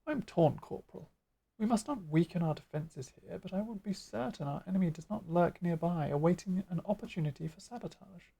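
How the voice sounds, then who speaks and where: A woman's voice: on the low side, fairly quick, gravelly, mellow, breathy edge. A woman voicing a tired human military commander who speaks in formal, old-fashioned phrasing while reading game dialogue. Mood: troubled. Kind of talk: game dialogue read aloud.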